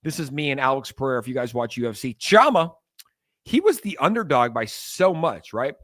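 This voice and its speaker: A young man hosting a crypto livestream, talking to viewers in a loose, animated, ranting way. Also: medium pitch, a little fast. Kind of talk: casual livestream talk.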